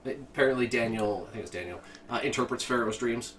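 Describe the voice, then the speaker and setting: A man's voice: medium pitch, quick pace, fairly bright tone. A man co-hosting a casual podcast chat, rambling as he retells a movie scene with lots of restarts. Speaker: podcast co-host. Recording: distant mic with faint ambient noise.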